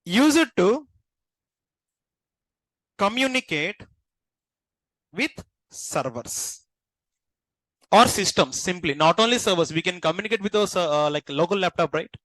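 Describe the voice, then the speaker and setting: A man, lecturing a class as instructor and constantly checking understanding with quick questions. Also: high-pitched, expressive, fairly bright tone, no echo, poor audio.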